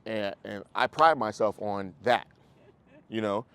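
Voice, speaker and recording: A man, a dog trainer coaching a group class in a casual way, animated and acting out dogs and owners, with casual swearing. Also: on the low side, measured pace, smooth.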